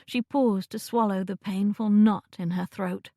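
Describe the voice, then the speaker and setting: A woman narrating a romance audiobook in a measured, intimate way, close to a studio mic in a dry booth. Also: mid-range voice, fairly even intonation, gravelly, warm tone, dry recording.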